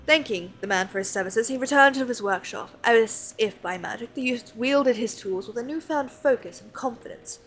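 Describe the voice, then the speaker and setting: A woman voices a wise older guild master in a fantasy game. He tells his tale slowly and in a measured way, with quiet music behind him. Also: a little high, close to an everyday voice. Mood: calm. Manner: slow, measured storytelling.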